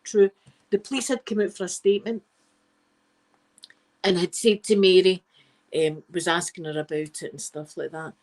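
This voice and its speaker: A woman's voice: on the low side, steady tone, moderate pace, long pauses, a little mellow, poor audio. A middle-aged Scottish woman, the channel host, telling a rambling, frank story in a casual live stream and swearing freely.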